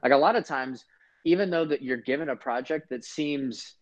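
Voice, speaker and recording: A man's voice: mid-range voice, normal speed. A man talking as a guest in a casual conversation, thinking aloud with frequent restarts. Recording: dull lo-fi sound.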